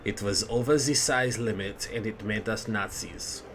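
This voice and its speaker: A woman's voice: very deep voice, normal speed, slight background noise. A sleep-deprived woman chatting casually as a tabletop game player, telling a rambling story. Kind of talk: casual chat.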